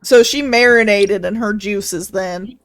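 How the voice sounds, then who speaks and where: A woman's voice: medium pitch, a little slow, no echo, natural voice. A woman voicing a boastful, meat-loving male dragon who is mayor of a town, rambling and crude in an improvised tabletop role-play. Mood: cocky.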